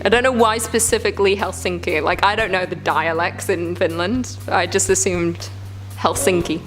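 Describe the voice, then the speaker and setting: A woman talking casually as she reacts to scary videos, chatty and quick to swear and joke. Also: lowish voice, steady tone, soft background music.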